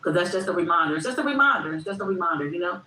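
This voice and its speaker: A woman's voice: on the low side, expressive, racing, bright, forceful tone. Chatty woman hosting a livestream. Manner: repetitive, reflective, talks to chat directly. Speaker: livestream host. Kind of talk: casual livestream chat reading comments. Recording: echoey room with faint background noise.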